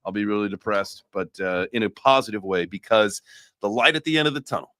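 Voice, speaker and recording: A man's voice: lowish voice, expressive, brisk, a bit bright, no echo. A man hosting a casual crypto livestream, joking loosely and swearing freely. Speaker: host.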